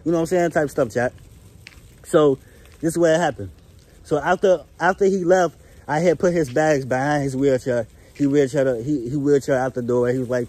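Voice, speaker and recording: A man's voice: on the high side, brisk, a little mellow. A young man, telling a story to camera in a rambling, laid-back way with many restarts and "you feel me" checks. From Chicago. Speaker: vlogger. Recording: faint background noise.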